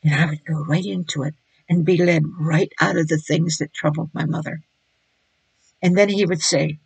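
A woman's voice: low-pitched, fairly even intonation, normal speed, creaky, a little mellow, husky, no echo, poor audio. A woman preaching, telling her personal testimony in an earnest, emphatic storytelling manner.

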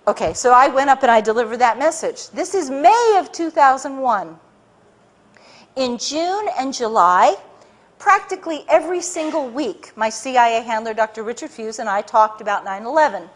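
A woman with a high, bright-sounding voice addresses a live audience. She tells her story with animation, stumbling and restarting as she goes, and acts out the voices of others. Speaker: public speaker.

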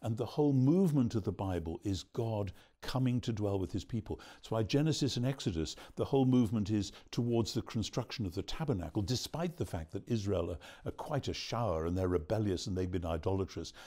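A man being interviewed as a theologian, answering at length in a measured, explanatory way. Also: lowish voice, lively intonation, mellow. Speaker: theologian guest.

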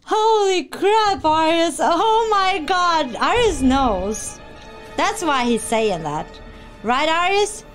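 A woman streaming a game playthrough, yelling and squealing in excited reactions as she plays. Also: extremely high pitch, slow. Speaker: gameplay streamer. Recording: loud game music behind.

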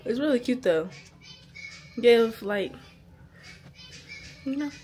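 A woman's voice: on the high side, animated, takes it slowly, darkish tone, soft background music. A woman of twenty talking casually to camera in a slangy, chatty, laid-back way, recorded on a phone or small camera held close. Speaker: vlogger. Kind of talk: casual vlog talk to camera.

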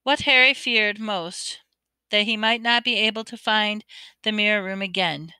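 A woman reads a novel aloud expressively, sometimes tripping over words. Her voice is bright and crisp. The recording is close and dry, with no room sound. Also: mid-range voice, unhurried, dry recording. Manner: expressive reading with occasional stumbles. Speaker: audiobook reader. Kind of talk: amateur audiobook narration.

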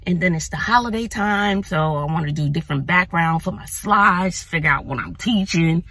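A woman vlogging casually to her phone from her car, chatty and animated, talking to viewers as y'all. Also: lowish voice, moderate pace, few pauses. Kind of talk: casual vlog talk to camera. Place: in or near her car outdoors in sun.

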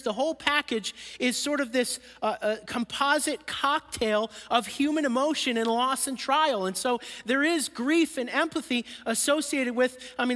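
High-voiced pastor preaching in a reverberant hall. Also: male voice. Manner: earnest, drops soft and slow for emphasis. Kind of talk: sermon. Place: church sanctuary.

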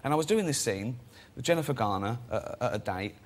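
An English actor-director appears as a guest on a talk show, his mid-range voice animated and a little quick. He tells self-deprecating anecdotes, acting out the voices of the people in them.

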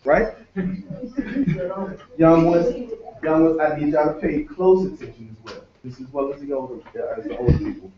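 A man's voice: on the high side, animated, moderate pace, pauses often. A man who is a pastor and conference host, leading prayer and calling out to the crowd as he introduces a guest speaker in a conference room turned sanctuary. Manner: rallying, calls out to the crowd. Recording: echoey, distant, dull room sound.

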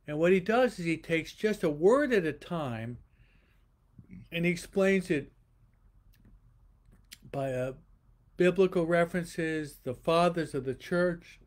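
Speaking to an online audience, this priest gives a livestreamed homily in a slightly high male voice with lively intonation. He repeats rhetorical questions at a slow pace and keeps stopping to restart his sentences.

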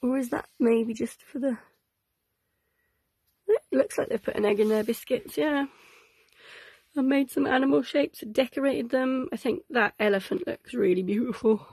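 A woman's voice: a little high, moderate pace, long pauses, a little mellow, husky, dry recording. Sleepy, sing-song woman, close and dry. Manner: cosy, chatty and sing-song, stretching out dish names. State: sleepy, yawning. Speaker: host reading a vintage cookbook to children. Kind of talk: gentle read-aloud for children.

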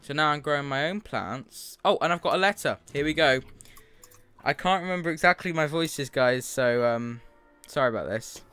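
A man's voice: on the high side, animated, normal speed, bright, forceful tone, smooth. A young man in a chatty, upbeat mood, commenting on a game as he plays and swearing freely. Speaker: streamer and host. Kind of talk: casual gameplay commentary. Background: faint game music.

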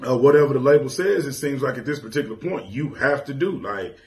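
A man's voice: medium pitch, animated, fast, a little mellow. A man calling into a podcast, voicing questions while he searches for his words. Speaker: caller. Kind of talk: call-in commentary.

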